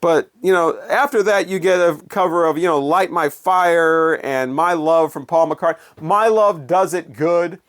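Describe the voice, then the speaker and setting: A man's voice: fairly high pitch, normal speed, few pauses, fairly bright tone. A man chatting casually about records in his collection, with wry, sarcastic, rambling commentary. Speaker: vinyl record collector vlogger. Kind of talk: casual chat.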